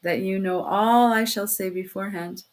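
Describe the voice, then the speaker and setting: A woman's voice: mid-range voice, steady tone, normal speed, lightly acted. A woman reading aloud as a tense, feverish young man who answers in a strained, bitter and defensive way. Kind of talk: audiobook reading.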